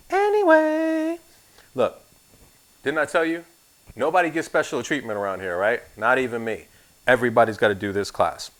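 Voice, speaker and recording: A man's voice: medium pitch, fairly quick, a bit bright. Sarcastic male insurance instructor. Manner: sarcastic, joking asides. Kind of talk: recorded classroom lecture.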